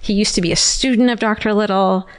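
A woman's voice: medium pitch, fairly even intonation, fast talker, clean tone. Woman co-host, loose chatty banter with plenty of cursing. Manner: chatty, swears freely. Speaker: podcast co-host. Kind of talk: casual chat.

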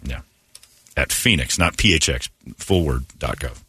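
A middle-aged man hosting a morning radio show from a studio, telling rambling stories and jumping into loud mocking voices. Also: very deep voice, measured pace, breathy edge, no room sound. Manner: rambling storyteller, swings into loud excited mock voices. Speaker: radio host. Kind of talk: casual morning radio talk. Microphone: studio microphone.

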